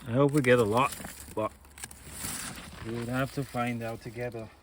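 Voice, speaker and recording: A man's voice: medium pitch, steady tone, moderate pace, slight background noise. Patient man guiding kids in garden. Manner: patient, encouraging, guides children step by step. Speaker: gardening vlogger. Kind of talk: casual instructional vlog. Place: outdoor garden.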